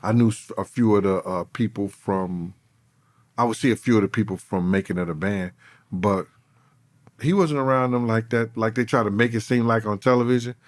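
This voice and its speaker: A man, a former bodyguard, telling stories in an interview with animated, profane speech that swings between loud and low. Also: normal speed, no echo, studio quality. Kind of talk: storytelling in an interview.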